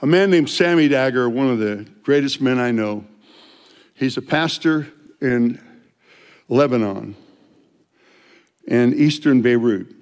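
An older man, a street evangelist, telling testimony stories in an animated way and loudly acting out the dialogue. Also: medium pitch, measured pace, long pauses, long reverb tail. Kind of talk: storytelling testimony.

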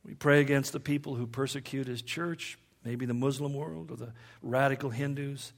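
A man's voice: medium pitch, steady tone, normal speed, creaky. A man preaching a sermon in a conversational way, with humorous asides and rhetorical questions.

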